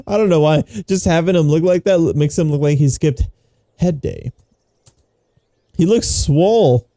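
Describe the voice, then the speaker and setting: Male gaming commentator, excitable and giggly, mellow voice, wide pitch swings. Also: a little slow, long pauses, no room sound, clean studio sound. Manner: excitable, giggly, exclaims often. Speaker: gaming YouTuber. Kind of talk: casual gameplay commentary.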